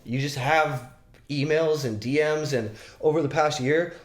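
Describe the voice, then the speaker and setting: A man telling his life stories as a podcast guest, animated and casual, swearing freely and acting out other people's lines. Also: fairly high pitch, unhurried. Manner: animated, swearing, acts out shouted quotes. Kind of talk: casual storytelling. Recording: roomy echo.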